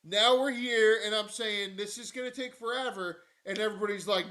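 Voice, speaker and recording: A man hosting a live news stream, swearing and mocking as he swings from loud rants to low mutters. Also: steady tone, normal speed. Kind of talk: profane live-stream commentary.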